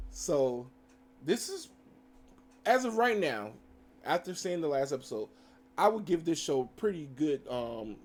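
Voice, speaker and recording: Here a show reviewer with a higher-than-average, darkish male voice talks through cartoon episodes. It's a casual spoken recap that rambles, full of performed quotes and fillers.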